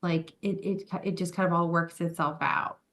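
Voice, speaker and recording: A woman's voice: on the low side, steady tone, normal speed, a bit bright. A woman guest on a podcast, talking candidly and reflectively in casual chat, acting out her own thoughts as quotes. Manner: candid, reflective, many fillers and acted-out quotes.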